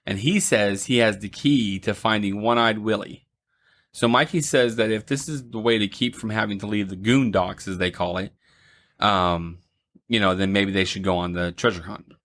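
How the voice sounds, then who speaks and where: Young guy with a lowish voice recapping a movie on a podcast, lots of ums. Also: fairly even intonation, a bit bright. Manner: retells the plot with many ums, laughs and quick mock voices. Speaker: podcast co-host. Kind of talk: casual movie review chat.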